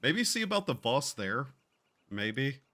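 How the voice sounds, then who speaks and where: A man's voice: medium pitch, very animated, a little slow, pushed and bright. A man streaming a game, talking in a drawling, meandering way with sighs and casual swearing. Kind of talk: casual gaming stream chat.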